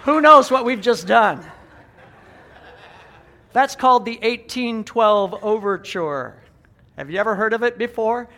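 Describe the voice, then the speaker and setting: A man preaching as pastor to a congregation, animated, getting the room to make sound effects and then repeating each point in a second language. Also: sits high, measured pace, pauses often, a faint crowd. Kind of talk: bilingual sermon. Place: church sanctuary.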